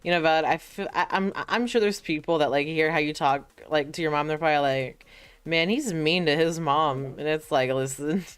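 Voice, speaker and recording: A woman's voice: low-pitched, steady tone, a little fast, few pauses, clean tone, no room sound, soft background music. A woman hosting a game stream, chatting casually and swearing freely. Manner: laid-back, swears freely. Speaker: streamer host. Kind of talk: casual chat while gaming.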